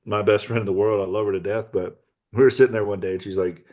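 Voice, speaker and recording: A musician guest with a low voice talks in a loose, joking way and laughs often. He is a middle-aged man telling casual stories about his life in the band. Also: lively intonation, moderate pace. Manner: jokey, laughs often, teasing. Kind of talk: casual interview chat.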